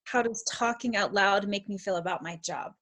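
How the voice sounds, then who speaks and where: A woman's voice: medium pitch, normal speed, fairly bright tone, a little hiss or hum. A middle-aged woman confidence coach answering questions on a video call in an enthusiastic, encouraging, emphatic way.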